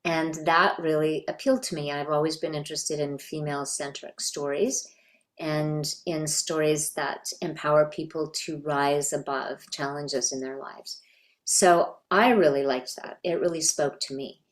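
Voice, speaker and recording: Reflective middle-aged woman, lower voice. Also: steady tone, unhurried. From Canada. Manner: reflective, thoughtful storytelling. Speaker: voice actress guest. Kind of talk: reminiscing interview.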